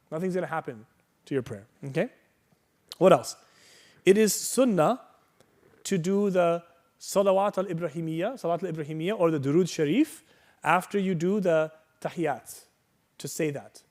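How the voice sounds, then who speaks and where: A man's voice: high-pitched, a little mellow. Reassuring man teaching a prayer workshop. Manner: patient, reassuring explanation with recited Arabic phrases; frequent "right?" and "okay?" check-ins. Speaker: religious teacher.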